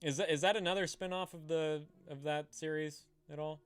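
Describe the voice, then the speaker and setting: A man's voice: fairly high pitch, steady tone, fairly quick, clear, resonant tone, no room sound. An American man hosting a live stream in casual chat, swearing freely and greeting viewers by name. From United States. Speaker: streamer host.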